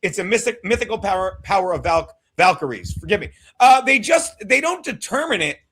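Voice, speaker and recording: A man hosting a casual political chat show, loud and emphatic, joking and shouting his punchlines. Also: sits high, sing-song, fairly quick, husky. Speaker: podcast host.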